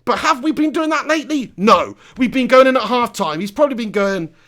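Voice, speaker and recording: A man's voice: extremely high pitch, expressive, brisk, a bit bright. A young man hosting a live football reaction rant, swearing and firing off rhetorical questions. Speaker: football fan channel host.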